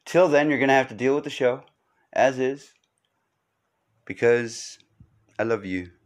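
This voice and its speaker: A man's voice: medium pitch, unhurried. A man hosting his own podcast, rambling through a comic monologue in a joking, self-mocking, sarcastic way. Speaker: podcast host.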